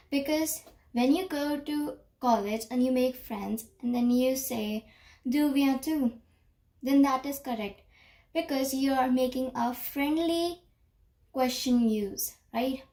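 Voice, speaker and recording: A woman teaching a beginner French lesson, explaining slowly and repeating each phrase carefully. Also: fairly high pitch, darkish tone, poor audio.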